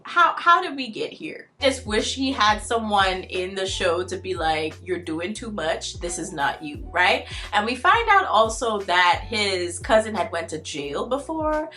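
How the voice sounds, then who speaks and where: Chatty young woman from the Bahamas. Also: medium pitch. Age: 20s. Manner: chatty and incredulous, with lively exclamations. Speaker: video reviewer. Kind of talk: casual TV recap.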